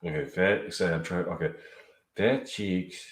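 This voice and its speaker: Slow, halting man in an echoey room. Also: deep voice, fairly even intonation. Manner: halting, thinks aloud between lines. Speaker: amateur writer performing his own script. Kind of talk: homemade reading of a comedy script.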